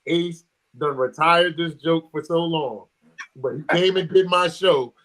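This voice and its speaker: A man's voice: on the high side, unhurried, a bit bright. A man from New Jersey, a comedian guest chatting loosely with slang and fillers. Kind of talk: casual chat.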